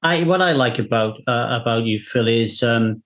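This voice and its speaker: Man hosting, reflective and measured. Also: medium pitch. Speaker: podcast host. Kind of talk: casual interview talk.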